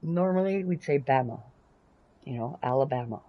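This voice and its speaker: A Canadian woman streaming a game live, chatting casually, swearing freely and breaking into loud playful outbursts. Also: very deep voice, lively intonation, normal speed, muffled recording. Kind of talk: casual live-stream chat while gaming.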